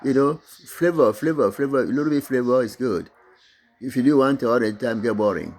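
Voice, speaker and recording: A middle-aged man from Togo whose first language is Mina, speaking English with an accent and giving a halting motivational talk about his own business, full of restarts and fillers. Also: medium pitch, darkish tone. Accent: Togolese. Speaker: business owner.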